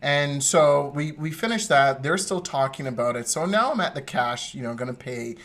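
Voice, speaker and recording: In a relaxed chat built around stories, a man co-hosting a podcast speaks at normal speed with a mid-range voice. He's an animated, lively narrator who performs the quoted voices himself.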